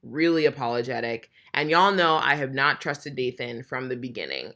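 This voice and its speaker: A woman's voice: extremely low pitch, animated, moderate pace, pushed and bright. A young woman chatting through a TV episode recap, candid and full of "like", swearing freely and acting out what the characters say. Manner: chatty and candid, frequent swearing and "like", acts out quotes. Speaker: TV recap vlogger.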